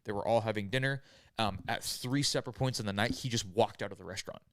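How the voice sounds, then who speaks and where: A man's voice: on the low side, fast, no room sound. A man telling a long story on a casual podcast, rambling and swearing with lots of filler words. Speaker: podcast host.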